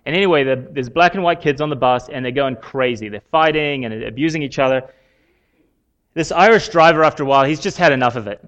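A man giving a sermon in a conversational way, with frequent pauses and fillers. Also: medium pitch, a bit bright, dull audio. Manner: conversational, halting with many fillers. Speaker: preacher.

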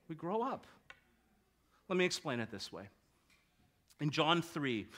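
A male pastor delivering a sermon with a high, ringing voice. He preaches emphatically and keeps turning to the congregation with rhetorical questions. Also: fairly bright tone.

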